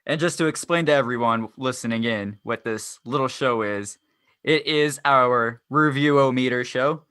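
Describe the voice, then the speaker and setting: Young guy hosting a podcast, bright punchy voice, jokey and rambly, dry close mic. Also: mid-range voice, normal speed, clean tone, no room sound. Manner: jokey, self-deprecating, rambling. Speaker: podcast host. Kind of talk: casual podcast chat.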